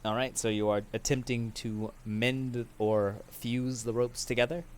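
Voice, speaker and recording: A man narrating a tabletop game as game master, in a calm, matter-of-fact way. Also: mid-range voice, a little slow.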